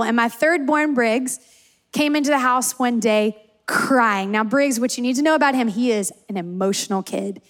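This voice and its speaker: High-voiced woman preaching emphatically. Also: a bit bright. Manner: emphatic, repeats key lines for stress. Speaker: campus pastor. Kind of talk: sermon with personal stories.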